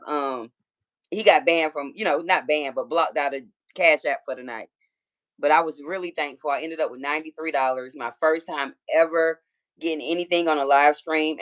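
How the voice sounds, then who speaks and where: A woman in her thirties from Georgia with a Southern accent, chatting casually and profanely with viewers on a phone livestream. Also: sits low. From Georgia, USA. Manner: chatty, profane, talks straight to her chat. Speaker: livestream host.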